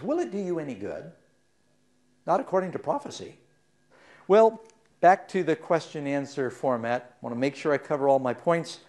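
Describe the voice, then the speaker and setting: A middle-aged man preaching with a fairly high voice that rises and falls a great deal. He tells stories and puts questions to his listeners, and he drops soft and low for the sad parts. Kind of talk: sermon.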